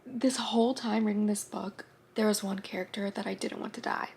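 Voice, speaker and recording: A young book vlogger in her twenties chats casually, using lots of fillers and now and then dropping to a whisper. Her medium-pitched voice is creaky and darkish, with fairly even intonation and a moderate pace. A little hiss or hum sits in the background.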